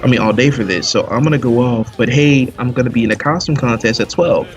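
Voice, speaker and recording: A man telling a long story in casual chat during a live game stream, animated and full of slang. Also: mid-range voice, fast talker, lo-fi sound. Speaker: stream commentator.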